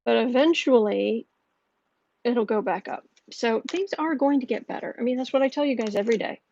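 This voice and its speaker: A woman hosting a tarot livestream in casual chat, thinking aloud slowly with many fillers and restarts. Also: on the high side, mellow, lo-fi sound.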